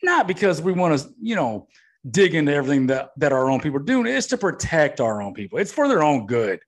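Male podcast host, heated political rant, swearing, animated pitch, fairly high voice. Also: brisk. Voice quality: blunt, swears often, heated.

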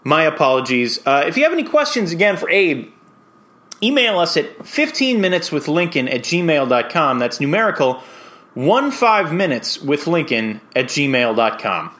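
A man hosting a podcast in a casual, rambling monologue, hesitant and full of ums and uhs, with an earnest deadpan tone. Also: fairly high pitch, normal speed. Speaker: podcast host.

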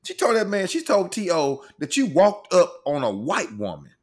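Animated man co-hosting a podcast. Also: high-pitched, normal speed, slightly rough. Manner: animated, emphatic, often acting out quotes. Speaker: podcast co-host. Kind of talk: casual podcast chat.

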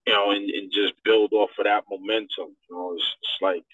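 A man, a DJ, telling stories in a lively way on a radio talk show, acting out what people said. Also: on the low side, a little fast, no room sound. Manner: animated storyteller, acts out quotes. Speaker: DJ guest. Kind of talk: radio interview. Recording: dry tinny phone-like sound.

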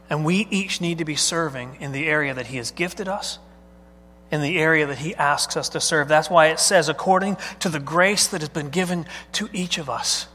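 Pastor guy preaching, bright fairly high voice, chatty, lots of questions to the crowd, big church echo. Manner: conversational, asks the congregation questions. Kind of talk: sermon. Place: church sanctuary. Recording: long hall reverb.

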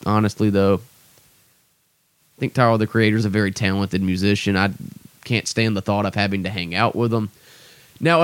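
A man's voice: on the low side, no room sound. A young man hosting a podcast, ranting casually in an exasperated, sweary, rambling way. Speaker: podcast host. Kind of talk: casual solo rant.

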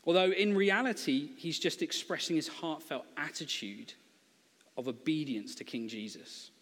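A man gives a sermon, chatty and funny, slipping into little acted-out quotes. His voice sits a bit high for a man. A long reverb trails after him, as in a large hall. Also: moderate pace, fairly bright tone. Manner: conversational, humorous storytelling, acts out quotes. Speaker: preacher.

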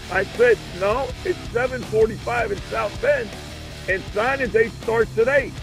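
A man, a football coach, telling an animated recruiting story as a radio guest. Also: very high voice, a little slow, vocal fry, over music, rough recording. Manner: animated, acts out the voices.

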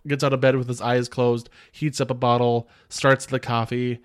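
A man's voice: mid-range voice, little pitch movement, moderate pace, clean tone. A man in a mid-range voice talks through a film scene by scene in a loose, chatty podcast manner. He rambles, piles on filler words and backtracks as he goes, chuckling now and then. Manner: rambling, many filler "like"s and restarts, chuckles often. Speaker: podcast host reviewing a film. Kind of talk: casual film recap.

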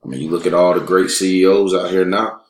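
Deep-voiced man talking in a roomy space. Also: steady tone, fast talker. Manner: emphatic, streetwise, speaks in run-on bursts. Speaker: elementary school teacher and interview guest. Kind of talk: casual chat. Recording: roomy echo.

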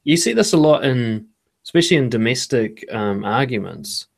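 A man talking in a relaxed podcast conversation as a guest author, acting out other people's thoughts and swearing casually. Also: medium pitch, moderate pace, gravelly, a little hiss or hum. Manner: animated, acts out quoted thoughts, swears casually.

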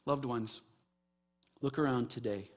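A man preaching a sermon as pastor, animated, swinging between raised emphasis and quiet, earnest stretches. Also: medium pitch, measured pace.

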